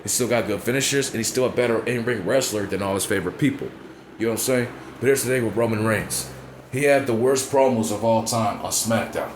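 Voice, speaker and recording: A fairly quick, lowish male voice comes through with background noise. The wrestling commentator vlogger rants casually and profanely about his opinions, frequently asking if you get what he's saying.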